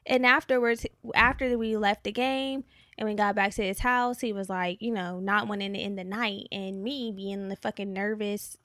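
A woman's voice: mid-range voice, normal speed, dry recording. Young woman, podcast co-host, chatty storyteller, dry close mic. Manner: animated storytelling, swears freely. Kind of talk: casual podcast chat.

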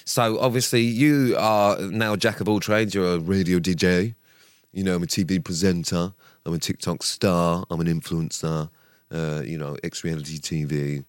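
A man's voice: low voice, steady tone, normal speed, no echo, studio quality. A man co-hosting a podcast, teasing his co-host and swearing in casual chat. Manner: teasing, swearing, mock-serious.

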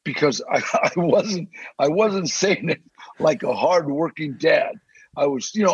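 An older man, a podcast guest, telling animated stories in a casual interview and acting out the voices he quotes. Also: a little high, unhurried, no room sound. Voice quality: gravelly, husky. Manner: animated, acts out quoted voices, growls threats. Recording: dry, slightly dull sound.

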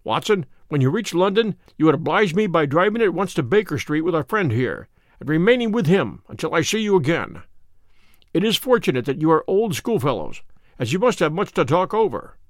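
A man reading aloud, voicing a sharp, commanding detective with a crisp, authoritative manner. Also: fairly high pitch, big pitch swings, a little fast, no echo, clean studio sound.

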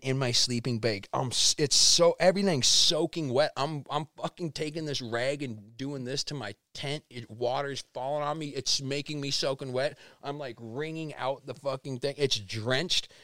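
A man's voice: medium pitch, moderate pace, dry recording, studio quality. A man telling a wild story as a podcast guest, swearing constantly and acting out what people said. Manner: animated, swears constantly, acts out quotes. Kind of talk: casual storytelling interview.

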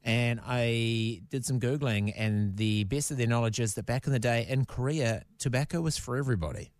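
A man's voice: medium pitch, normal speed, no echo. A man co-hosting a casual podcast, presenting a fun fact segment in a playful, chatty way. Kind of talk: casual chat.

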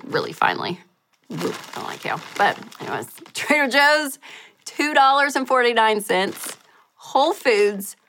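A woman hosting a casual money-saving vlog, comparing grocery prices in an upbeat, chatty way with quick laughs and animated asides. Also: mid-range voice.

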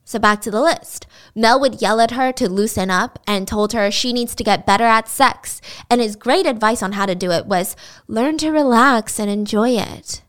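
A woman's voice: on the high side, normal speed, few pauses, smooth. A young adult woman telling a true crime story in a chatty, blunt style with sarcastic asides. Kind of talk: casual storytelling narration.

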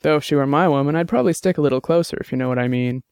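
A man's voice: on the high side, rapid-fire, a little mellow, clean tone, no room sound, lightly acted. A man voicing a stern, wry old police boss in an audiobook, speaking with dry teasing. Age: over 60. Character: elderly gruff male police boss.

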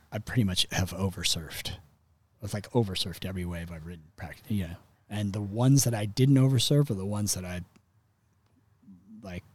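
A surfer telling a story in a rambling, casual way, cutting himself off mid-sentence and swearing now and then. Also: male voice, fairly low pitch, a little mellow, no echo.

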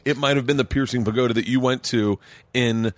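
A man's voice: medium pitch, brisk, no room sound. A man hosting a podcast, telling stories with energy and acting out the voices of people in them. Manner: animated storyteller, acts out dialogue, laughs often. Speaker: podcast host. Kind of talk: casual chat.

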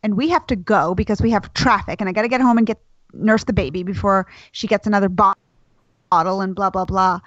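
A woman co-hosting a casual podcast chat, talking in a relaxed way with plenty of fillers. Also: medium pitch, brisk, no echo. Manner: chatty, laid-back storytelling with fillers. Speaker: podcast co-host. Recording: slightly dull lo-fi sound.

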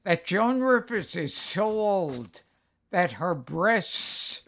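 Brief: male comedian host, gravelly, slow, halting deadpan delivery. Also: high-pitched. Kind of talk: casual interview chat.

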